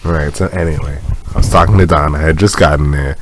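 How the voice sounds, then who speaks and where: A man's voice: extremely low pitch, fairly even intonation, fairly quick. A male podcast co-host in casual chat, telling rambling anecdotes full of quoted voices and laughter, on a noisy home recording. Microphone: headphones and a shared mic splitter.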